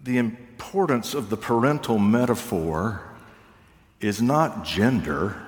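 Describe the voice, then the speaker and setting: An older man preaching a sermon, reflective and unhurried, with touches of gentle humor. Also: on the low side. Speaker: pastor. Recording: long reverb of a large hall.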